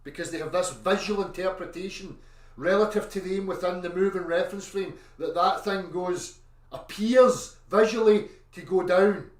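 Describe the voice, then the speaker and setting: A man's voice: sits high, normal speed, recorded from a distance. A man ranting aggressively in a monologue, insisting and swearing as he argues. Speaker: online commentator. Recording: echoey room, voice off-mic.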